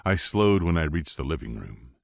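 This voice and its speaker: A man narrating a first-person romance audiobook in a low, steady, intense delivery. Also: moderate pace, gravelly, no echo, studio quality.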